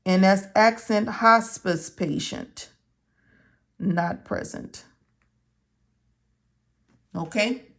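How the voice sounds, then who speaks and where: A woman's fairly bright, medium-pitched voice comes through extremely slowly, with long pauses, as she explains medical coding step by step. In this tutorial she repeats key words and asks and answers questions on her own.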